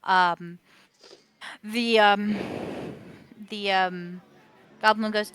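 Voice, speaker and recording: Woman game master, slow speech, bright tone, halting, lots of fillers. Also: mid-range voice, soft background music. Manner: halting, many "um"s. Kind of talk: narrating a tabletop game.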